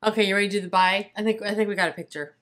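A woman's voice: medium pitch, fairly even intonation, racing, a bit bright. A woman in casual on-camera chat, teasing and chatty with a friend. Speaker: co-host of makeup channel collab.

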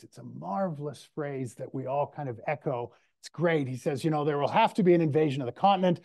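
Male history lecturer with a slightly high, mellow voice, chatty and wry, prone to restarts. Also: creaky. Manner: chatty, discursive, frequent restarts and asides; enthusiastic and wry. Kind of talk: public lecture.

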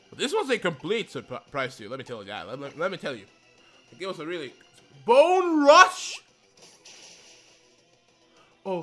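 Young male gamer, high lively voice, bright and excitable, faint game music behind; casual let's-play commentary. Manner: excitable, swears, apologizes a lot.

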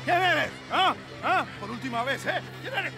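An actor playing a menacing male bandit interrogator in a video game, who shouts and repeats his demands. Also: extremely high pitch, expressive, normal speed. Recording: game audio over loud music.

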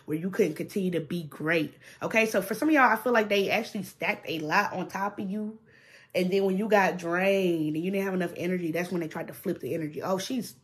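A woman's voice: on the low side, a bit bright. Blunt, cussing young woman tarot reader. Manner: blunt, profane, keeps checking in with "okay?". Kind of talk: casual channeled tarot reading.

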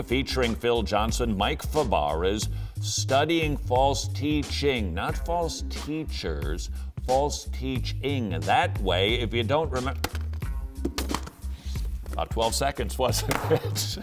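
Man, radio host, earnest devotional preaching, unhurried, faint music behind. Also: mid-range voice. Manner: earnest, emphatic preaching with slow drawn-out phrases.

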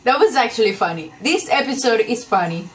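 A young woman casually reacting to a TV episode, excitable, laughing and swearing often. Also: fairly high pitch, a little fast, far from the mic, slight background noise. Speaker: TV show reactor.

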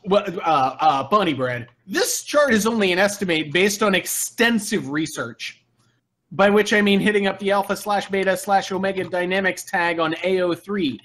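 A man co-hosting a comedic live podcast who reads out text in a dry, deadpan way. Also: high voice, normal speed. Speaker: podcast co-host.

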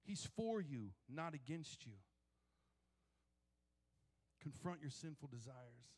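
A male pastor preaching a sermon in a church, telling stories in an animated, joking way. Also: on the high side, slow. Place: church sanctuary. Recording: long hall reverb.

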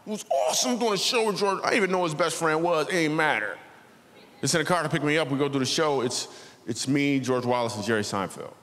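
Telling a story and doing the voices, a thirtysomething man delivers stand-up inside a big church auditorium. He speaks quickly, a little high, with a fairly bright tone. The hall echoes and a faint ambience lingers.

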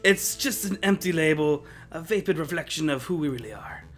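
A man voicing a sly male fox conman who poses as a Spanish prince, speaking in a put-on Spanish accent with smooth, theatrical, evasive talk. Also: on the high side, expressive, fairly quick, over music, lightly acted. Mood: musing.

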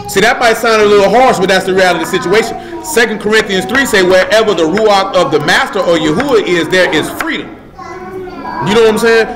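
Guy preaching live, high voice, talks loose and emphatic, keeps asking what?. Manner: emphatic, asks rhetorical questions; casual street slang. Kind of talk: live sermon teaching.

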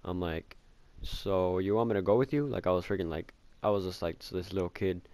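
A man's voice: low-pitched, fairly quick, darkish tone, dry recording. A young man telling a casual storytime about his childhood, rambling with lots of filler words and swearing, mocking himself. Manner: self-mocking. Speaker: vlogger.

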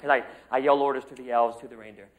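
A man's voice: medium pitch, fairly even intonation, quick pace. A man acting student telling a rambling personal story in class, chatty and loose.

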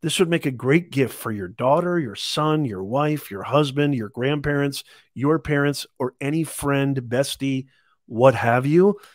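A man's voice: medium pitch, unhurried, no room sound, clean studio sound. A man hosting a live shopping stream, hyped and salesy, repeating calls to buy. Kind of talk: live deal-hunting stream.

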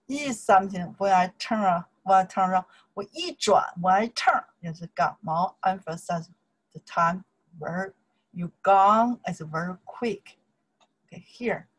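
A woman's voice: mid-range voice, rough recording. A woman with a Chinese accent, a native Chinese speaker teaching a language lesson in simple English, explaining grammar and repeating phrases.

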